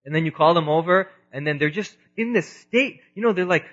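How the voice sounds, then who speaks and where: A man in his thirties giving an earnest religious lecture, moving between loud emphasis and quiet asides, in a dull lo-fi recording. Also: a little high, a little fast, hardly any pauses. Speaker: preacher.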